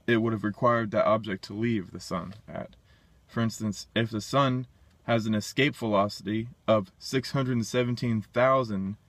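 A man's voice: fairly low pitch, fairly bright tone, no room sound. A man talking alone in a casual monologue, blunt and dismissive, thinking aloud and restarting his sentences. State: burping. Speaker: independent science commentator.

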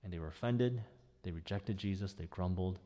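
A man preaching a sermon as pastor, in a conversational, animated way. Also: low-pitched, normal speed, long reverb tail. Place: church sanctuary.

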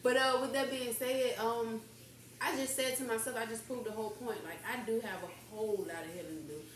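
A woman's voice: on the high side, steady tone, brisk. A woman hosting a casual talk show, speaking candidly and emotionally in loose, slangy, rambling chat. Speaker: podcast host. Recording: echoey room from a distance, faint noise.

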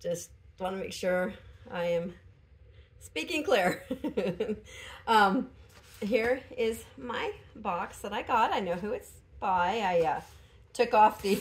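A woman vlogger chatting casually at home while unboxing a gift, pausing and laughing softly, still recovering from an illness. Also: medium pitch, slight background noise. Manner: chatty, hesitant, frequent small laughs. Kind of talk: casual chat.

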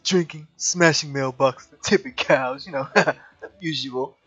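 A man's voice: mid-range voice, measured pace, fairly bright tone, slightly rough, dull audio, faint music behind, voice pushed down. A man reading a rowdy young man's phone lines in a game, offhand and a little stiff. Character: rowdy young man who smashes mailboxes.

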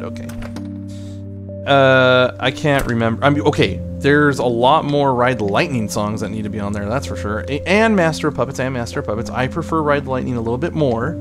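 A man's voice: medium pitch, brisk, music in the background. A man playing a video game and chatting casually, rambling between his own remarks and the game. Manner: rambling, chatty, mock Russian accent at times. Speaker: gaming streamer. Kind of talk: let's play commentary.

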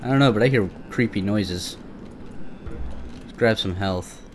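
A man's voice: lowish voice, unhurried, a little hiss or hum. A young man giving nervous, swearing commentary while playing a creepy shooter game, often talking back to the monsters. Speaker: gameplay commentator. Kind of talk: let's play commentary.

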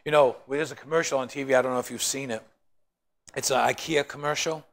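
A man's voice: mid-range voice, fairly even intonation, fast, vocal fry. A man teaching a Bible study in a joking, storytelling way, often asking the group questions.

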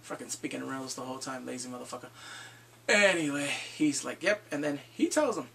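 Gravelly, excitable man recapping an episode. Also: medium pitch, quick pace, background noise. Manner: excitable, profane, acts out quoted lines. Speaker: TV episode reviewer. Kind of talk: casual recap vlog.

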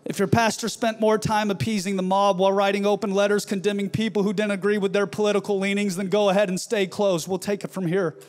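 A male pastor delivering a fiery sermon with forceful, shouted refrains. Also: sits high, little pitch movement, quick pace, few pauses, background noise.

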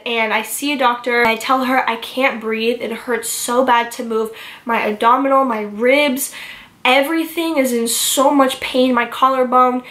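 A young adult woman telling a personal story to camera, emotional and rushed, with many filler words. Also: on the high side, fairly bright tone, echoey room. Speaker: vlogger.

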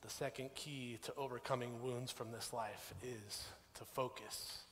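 Man, pastor, conversational sermon, storytelling, mid-pitched voice, long hall reverb. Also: measured pace, a little hiss or hum. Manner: storytelling, animated, conversational preaching. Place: church sanctuary.

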